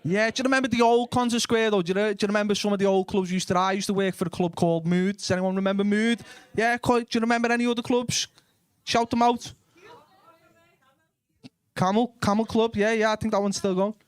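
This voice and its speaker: Sweary Liverpool comic working the crowd. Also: male voice, sits high, fairly even intonation, quick pace, smooth, dry recording. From Liverpool, England. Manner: blunt, sweary, chatty with the audience. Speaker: stand-up comedian. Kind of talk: live stand-up comedy with crowd work.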